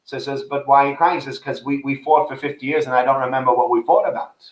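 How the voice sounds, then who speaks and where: A man's voice: mid-range voice, quick pace, roomy sound, rough recording. A man hosting a casual chat about faith, telling anecdotes and acting out the people in them. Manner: chatty storyteller, acts out quoted voices.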